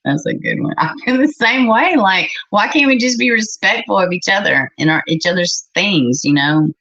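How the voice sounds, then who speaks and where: A woman's voice: mid-range voice, expressive, moderate pace, fairly bright tone. A middle-aged woman, hosting a livestream and chatting bluntly and with exasperation with her live chat. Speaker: livestream host. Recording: slightly muffled recording.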